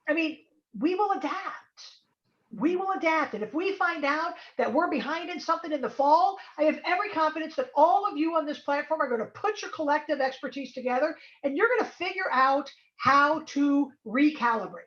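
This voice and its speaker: A woman's voice: high voice, lively intonation, brisk, fairly bright tone, roomy sound, muffled recording. A woman speaking as a guest in an online talk, giving emphatic and encouraging advice over a video call. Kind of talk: webinar talk.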